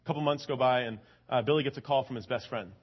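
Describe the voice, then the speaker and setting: A man's voice: medium pitch, fast, slightly rough, highs cut off. A man giving a sermon, telling a story in a conversational way with many repeated words and building to fervent emphasis. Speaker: preacher.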